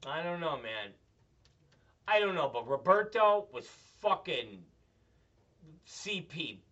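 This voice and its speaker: A man's voice: a little high, sing-song, takes it slowly, sharp tone. A man hosting a show, telling crude, profane, rambling comedic stories. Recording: dull, slightly distant mic.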